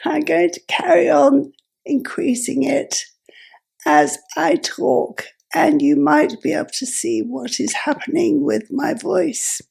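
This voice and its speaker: A woman vlogger explaining step by step, her voice croaky and gravelly and breaking into breathy whispers, speaking in halting, self-correcting phrases. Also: high voice, darkish tone. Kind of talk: explaining while adjusting a device.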